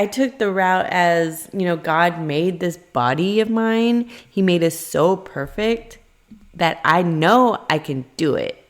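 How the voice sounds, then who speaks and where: A young adult woman casually telling a personal story to camera, chatty and animated, acting out quoted lines in a higher voice. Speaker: vlogger.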